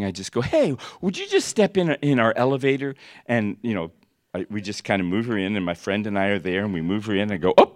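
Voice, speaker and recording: A man teaching at a ministry school, telling stories and laughing often, jumping up in pitch as he acts out what people said. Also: no room sound, clean studio sound. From United States. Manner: storytelling, laughs often, acts out dialogue with big jumps in pitch. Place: church teaching hall.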